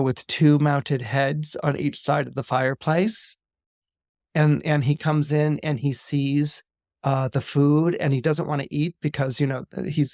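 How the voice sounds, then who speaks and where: A man on a podcast retelling a fairy tale film in an animated storytelling way, with many fillers and restarts. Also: a little high, dry recording, clean studio sound. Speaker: astrologer podcast guest.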